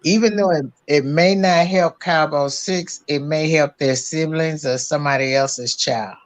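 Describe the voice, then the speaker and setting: A woman speaks on a casual talk stream in a measured, preacherly manner. She builds her points slowly and keeps asking rhetorical questions. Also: sits low.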